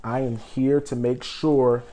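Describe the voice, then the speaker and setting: A man's voice: medium pitch, level tone, takes it slowly, warm tone. A young man hosting a live cooking show, chatty and playfully boastful, calling his viewers "people" as he talks them through the steps. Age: young adult. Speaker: home cook host.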